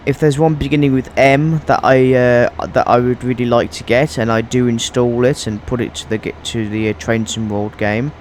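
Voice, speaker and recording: Man, casual gameplay commentary, halting and rambling, middle pitch, faint train game noise behind. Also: fairly even intonation, darkish tone. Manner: halting, restarts sentences, rambling asides. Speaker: gaming YouTuber.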